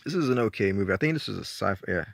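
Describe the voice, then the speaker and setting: A man's voice: lowish voice, lively intonation, racing, gravelly, a little hiss or hum. A man with a Southern accent from Georgia, chatting casually and rambling through his movie collection, laid-back and a bit profane. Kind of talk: casual chat.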